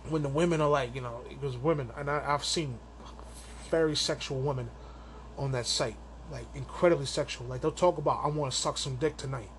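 A man's voice: mid-range voice, fairly quick, a little hiss or hum. A man hosting a solo podcast, venting in a crude, rambling, profane rant, an amateur stand-up comic. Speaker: podcast host.

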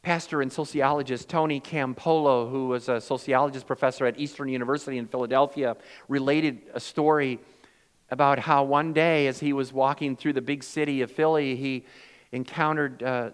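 A male pastor delivering a sermon, swinging from loud, emphatic lines to hushed, quiet ones, and acting out the voices in his stories. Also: mid-range voice, steady tone, normal speed, clear, resonant tone, long reverb tail. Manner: acts out quoted voices in storytelling.

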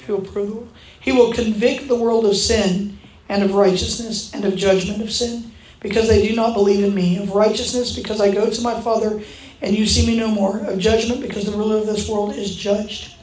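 A woman preaches in a church hall, her medium-pitched voice moving fairly quickly. She brings her stories to life by performing the quoted voices, and the room is echoey.

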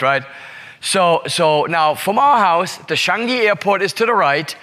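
Bright-voiced man telling a story. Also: a little high, moderate pace. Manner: animated, rhetorical asides. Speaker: speaker. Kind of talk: storytelling talk to an audience. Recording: long hall reverb.

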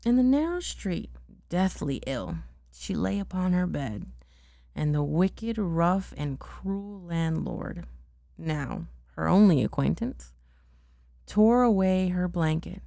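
A mother reading a bedtime story aloud to her child, gently and unhurried, with chatty asides. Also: lowish voice, very animated, vocal fry, no echo, clean studio sound.

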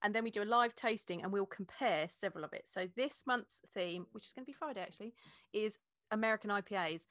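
A woman's voice: medium pitch, quick pace, fairly bright tone, dry recording. A woman who teaches beer tasting, a guest in a casual interview, explaining with energy and laughing often.

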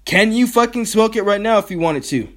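A man's voice: high voice, animated, a little fast. A man hosting his own podcast, ranting in a heated, profane, rambling way. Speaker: podcast host. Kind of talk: solo podcast rant.

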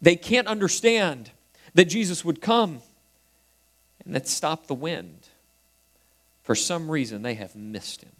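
A man preaching a sermon, moving between emphatic, rising lines and quiet, hushed repeated refrains. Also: on the high side, expressive, slow, pauses often. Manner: swings from emphatic to hushed, soft quoted refrains. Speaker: pastor.

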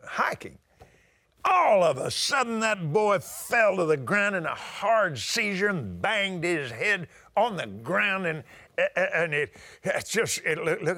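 An older man with a drawl preaches a sermon in a folksy, story-telling manner. His voice sits high for a man, and he now and then climbs into ringing shouts.

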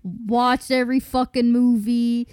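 A woman's voice: fairly high pitch, little pitch movement, a little slow, a little mellow, no echo, clean studio sound. A young woman chatting casually, blunt and sweary, acting mock-upset. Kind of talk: casual chat.

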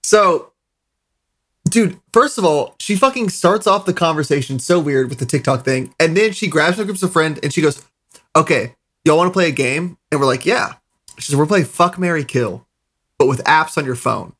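Higher-voiced man telling rambling stories. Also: expressive, moderate pace, a bit bright, breathy edge. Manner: profane, rambling anecdotes with quoted voices. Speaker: podcast co-host. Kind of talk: casual storytelling chat.

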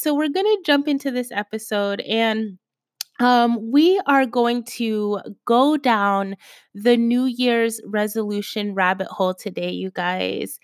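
A young woman hosting her own podcast in casual chat, her voice raspy from a cold, talking with lots of fillers and repeated asides to her listeners. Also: fairly high pitch, no echo, studio quality. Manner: chatty, lots of fillers, keeps saying "you guys". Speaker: podcast host.

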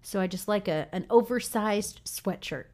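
A woman in a relaxed, casual chat who speaks openly and chattily. Her pitch sits in an ordinary middle range, and she laughs easily between remarks. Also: moderate pace. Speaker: co-host.

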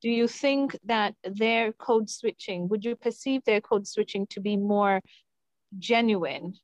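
A woman's voice: medium pitch, takes it slowly, no echo, poor audio. Probing woman host, dry close sound. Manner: probing, questioning. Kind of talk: casual podcast discussion.

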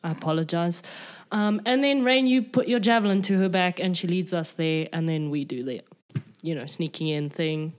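A woman's voice: on the low side, normal speed. A woman playing a tabletop game, talking in a wry, joking way. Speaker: player.

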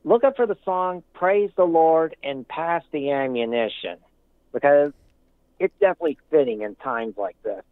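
A man's voice: on the high side, lively intonation, normal speed, no echo. A male caller to a talk show giving rambling, emphatic opinions with many restarts. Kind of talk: casual call-in commentary. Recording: tinny phone line.

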